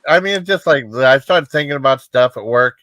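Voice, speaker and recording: A man's voice: mid-range voice, brisk, fairly bright tone, muffled recording. A man chatting casually on a live stream, upbeat and rambling with lots of fillers. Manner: rambling, upbeat, many fillers like "you know" and "I mean". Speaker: livestream host.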